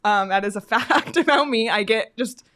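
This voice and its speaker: Woman, sports-podcast co-host; high, laughing, chatty storyteller. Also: moderate pace. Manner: animated, laughs often, frequent fillers. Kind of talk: casual chat, storytelling.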